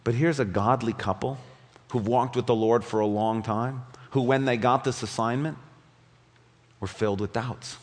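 A pastor preaching a sermon, rising to emphatic peaks and dropping to quiet, low passages. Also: male voice, fairly even intonation, normal speed. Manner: dynamic preaching, swinging between loud emphatic peaks and low quiet drops. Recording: long reverb of a large hall.

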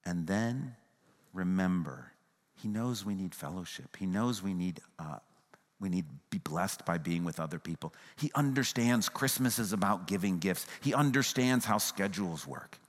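A man preaching a sermon as pastor, swinging from raised, emphatic passages to hushed, tender ones. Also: sits low, big-room sound.

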